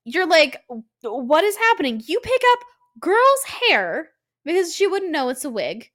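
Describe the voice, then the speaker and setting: A woman co-hosting a podcast in casual chat, animated and swearing, acting out quotes from scenes. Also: very high voice, measured pace. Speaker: podcast co-host.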